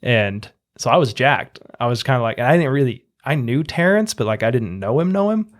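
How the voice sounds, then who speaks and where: A man's voice: medium pitch, expressive, fairly quick. A man hosting a podcast, telling a long story casually and acting out what others said. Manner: chatty, acts out quotes in a raised voice. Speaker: podcast host.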